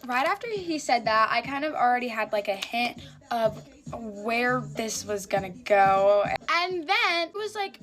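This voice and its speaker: A woman's voice: fairly high pitch, animated, unhurried, fairly bright tone. A teenage girl chatting casually into a phone about her school day, filling her talk with "like". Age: teens. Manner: chatty, lots of filler "like". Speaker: vlogger. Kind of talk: casual storytime chat. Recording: music playing behind. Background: music.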